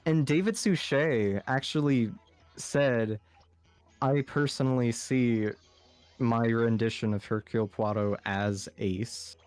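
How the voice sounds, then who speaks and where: A man's voice: medium pitch, fairly even intonation, slow pace, darkish tone, dry recording. A man with a slight lisp and a general American accent, rambling through a casual podcast chat with lots of fillers. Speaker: podcast co-host.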